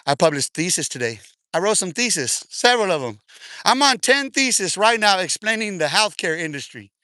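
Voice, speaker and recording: A man's voice: high-pitched, very animated, fairly quick, bright, forceful tone, no echo, clean studio sound. A man livestreaming while out on a long walk, a bit out of breath, taunting his viewers in slangy talk and laughing often. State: out of breath from walking. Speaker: livestream host. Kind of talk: casual live stream talk while walking. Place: outdoors, walking.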